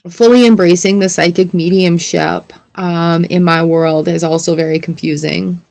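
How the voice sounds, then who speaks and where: A woman's voice: lowish voice, fairly even intonation, normal speed, gravelly, a little mellow, dry recording. A woman tarot reader chatting casually on a livestream, rambling and laughing often as she pulls cards. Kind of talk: casual livestream chat while reading cards.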